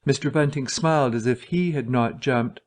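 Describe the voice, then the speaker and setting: A man narrating a story for English learners in a steady, even reading voice. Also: mid-range voice, normal speed.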